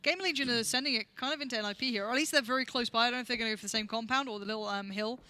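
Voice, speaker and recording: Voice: mid-range voice, very fast, sharp tone, dry recording. A co-caster giving live colour commentary on an esports match in chatty, playful banter.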